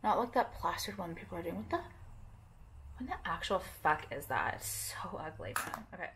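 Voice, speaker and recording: A woman's voice: fairly low pitch, animated, moderate pace, fairly bright tone, slight background noise. A young woman vlogging casually to camera while doing her makeup, rambling with lots of fillers and casual swearing.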